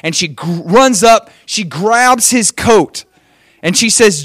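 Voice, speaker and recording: A male pastor with a fairly high voice, preaching in a lively, storytelling way and slipping into quoted voices. The sound is close and dry, with little room. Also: takes it slowly, no room sound. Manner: animated storytelling with acted quotes. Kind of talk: sermon.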